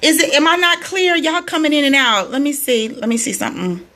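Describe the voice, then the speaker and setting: A woman's voice: high voice, big pitch swings, fairly quick, bright, forceful tone. A woman coaching on weight loss, chatting casually on a live stream from her phone and greeting her viewers by name with sing-song hellos.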